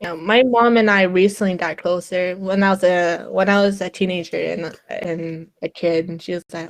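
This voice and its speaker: A woman's voice: fairly low pitch, fairly even intonation, normal speed. A young woman in casual podcast chat, telling stories with a lot of laughter and quoted back-and-forth. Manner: chatty storyteller, laughs often, quotes her mom. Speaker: podcast co-host.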